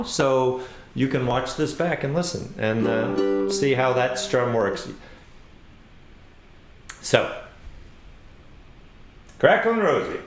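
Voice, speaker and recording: A man hosting an online ukulele play-along, chatting casually and self-deprecatingly with viewers between songs. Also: mid-range voice. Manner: relaxed, self-deprecating, chuckles often. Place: home room with ukulele. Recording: roomy echo with loud ukulele. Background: ukulele playing.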